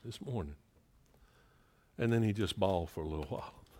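A middle-aged man preaching a sermon, moving between emphatic rising passages and quiet, hushed storytelling. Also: sits low, racing. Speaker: pastor.

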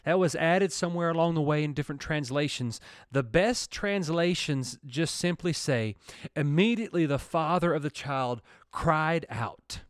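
Male preacher, lively emphatic delivery, dry close recording. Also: a little high, clean tone, no room sound. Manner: animated, building emphasis with repeated words. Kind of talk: sermon. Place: church or studio program.

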